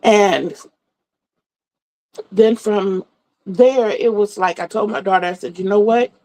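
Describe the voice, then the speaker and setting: A middle-aged woman greets her viewers and rambles through stories during a casual livestream. Her voice is medium-pitched, slow and mellow, and the audio is poor.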